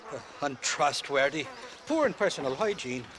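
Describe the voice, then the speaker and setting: An actor with an Irish accent playing a crude, boastful drunk who rambles and wheedles in a video game cutscene. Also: male voice, on the high side, sing-song, normal speed, a bit bright, a little hiss or hum. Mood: blustering. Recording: game audio with outdoor ambience.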